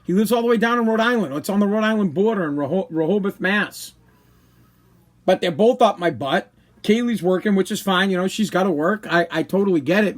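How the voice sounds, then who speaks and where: A man, hosting his own live-stream podcast and venting in a frustrated, rambling way that repeats his words. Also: sits high. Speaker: podcast host.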